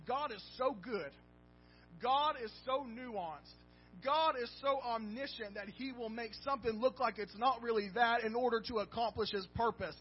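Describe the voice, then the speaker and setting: A male pastor preaches a storytelling sermon, emphatic and calling out for responses. His voice sits very high. The recording is dull and lo-fi, with faint music underneath.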